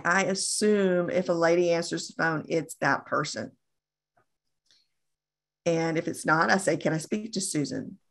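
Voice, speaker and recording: A middle-aged woman coaching on phone sales in an earnest, deliberate way, often repeating herself for emphasis. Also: lowish voice, fairly bright tone. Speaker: insurance sales trainer.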